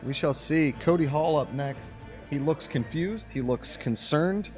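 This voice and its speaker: A man's voice: a little high, measured pace, darkish tone, faint music behind. Upbeat man emceeing a draft. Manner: joking, announcing picks with hype. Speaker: draft host.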